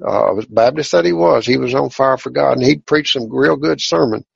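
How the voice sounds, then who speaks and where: A man tells his religious testimony in a folksy, plainspoken, halting way, on a dull lo-fi recording. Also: mid-range voice, creaky, breathy edge, no room sound. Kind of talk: personal testimony storytelling.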